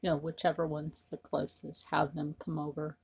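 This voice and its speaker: A woman's voice: deep voice, flat delivery, normal speed, creaky, darkish tone, slightly rough. A woman talking casually to her camera in a rambling, repetitive way, with many fillers. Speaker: vlogger.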